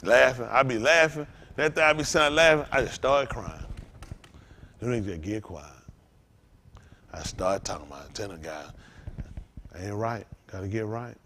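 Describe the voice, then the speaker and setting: A man's voice: mid-range voice, moderate pace, long pauses, slight background noise. A male pastor preaching a sermon, telling personal stories in loose, everyday talk. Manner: animated preaching with loose vernacular storytelling.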